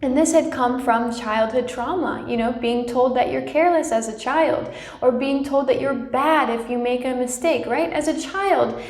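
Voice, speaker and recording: Young woman, highish voice, gentle spiritual chat to her viewers, keeps saying right?, echoey room. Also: moderate pace, hardly any pauses. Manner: gentle and reassuring, often adds "right?". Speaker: spiritual channel host. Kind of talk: personal spiritual talk to viewers.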